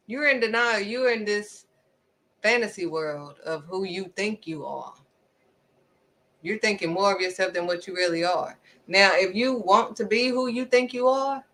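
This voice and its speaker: A woman preaching to camera at a slow, deliberate pace. She hammers her points home by repeating them and now and then slips into other people's voices to make a point. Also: mid-range voice, a bit bright. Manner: emphatic, repeats lines for stress. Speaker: faith-based vlogger.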